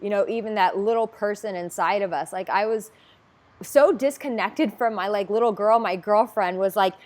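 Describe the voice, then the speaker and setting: A young adult woman hosting a casual, heartfelt conversation, talking in a gushing, emphatic way with bursts of loud excitement. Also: medium pitch, normal speed. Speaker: host.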